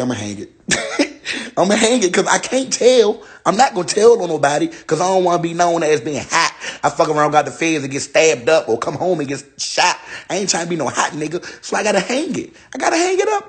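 A man's voice: a little high, very animated, a little fast. A young man on a phone livestream, joking in an exaggerated, repetitive rant and laughing between lines. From Ohio. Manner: laughing, exaggerated mock despair, repeats lines. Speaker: internet personality. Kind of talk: joking live-stream rant.

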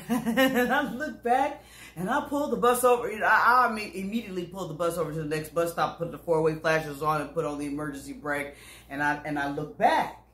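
A woman bus driver telling a comic story to viewers in an animated, chatty way, calling them y'all. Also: lowish voice, fairly quick. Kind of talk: comedic storytelling to camera. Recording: roomy echo.

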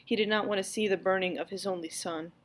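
A woman's voice: steady tone, fast talker. A woman teacher reading a book aloud for her students, raising her voice for the dialogue. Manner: reads dialogue louder and higher.

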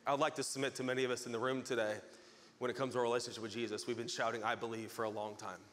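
A man preaching a sermon as pastor, telling a story with lively acted-out crowd voices. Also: mid-range voice, racing, long reverb tail, a little hiss or hum.

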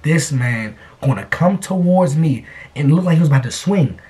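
Animated young man telling a story. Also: a little high, normal speed. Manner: animated, slangy, lots of repetition. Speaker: vlogger. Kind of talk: casual storytelling to camera.

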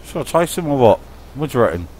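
Crude London gamer commenting on his game, lively and jokey, faint background noise. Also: mid-range voice, fast. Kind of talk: casual gameplay commentary.

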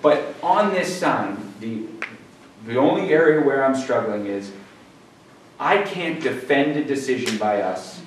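A man on a zoning board speaking at a public hearing, measured and halting, with frequent restarts. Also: mid-range voice, lively intonation. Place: town meeting room. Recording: echoey room from far off, faint hiss.

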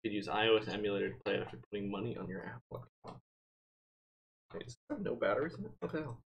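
A man's voice: on the low side, animated, very fast, creaky. A man streaming a game live, chatting casually and laughing easily.

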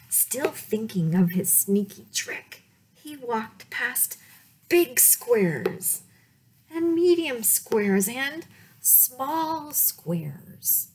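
A woman reading a picture book aloud at storytime, slow and playful, often dropping to dramatic whispers. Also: on the high side, big pitch swings, noisy background. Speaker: children's librarian reading aloud.

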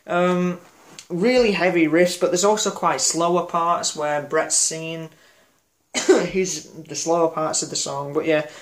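Enthusiastic rambling man reviewing an album. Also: high voice. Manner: lots of fillers and restarts. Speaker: music reviewer. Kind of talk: casual album review vlog.

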